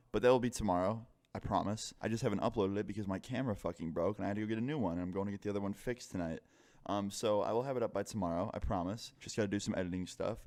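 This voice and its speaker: Low-voiced young man telling a story. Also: no echo, studio quality. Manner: swears freely, full of "like" fillers. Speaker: YouTube storyteller. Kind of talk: casual storytime narration.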